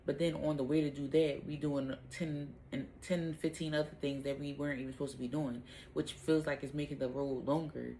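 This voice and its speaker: A woman hosting a casual devotional Bible talk, speaking in a relaxed, rambling way with lots of "um" and "like". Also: sits low, fairly quick, hardly any pauses, slight background noise, low-quality recording. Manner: relaxed, rambling, heavy use of fillers like "um" and "like".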